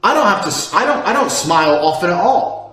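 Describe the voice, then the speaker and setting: A man in his thirties giving a brash, profane monologue, boasting and swinging from loud outbursts down to low mutters. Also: sing-song, fast talker. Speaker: self-improvement speaker. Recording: echoey room with faint music.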